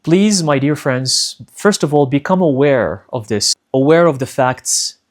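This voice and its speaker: A man with a voice of ordinary pitch delivers a spiritual advice monologue. He speaks earnestly and directly to his viewers. He repeats key lines for emphasis and leans on rhetorical questions. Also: lively intonation, measured pace. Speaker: spiritual teacher.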